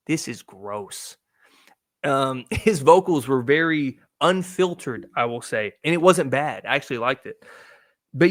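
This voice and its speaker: A man hosting a podcast, reviewing an album in casual talk, blunt and swearing freely, swinging between loud remarks and mumbled asides. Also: a little high. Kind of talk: casual profane commentary.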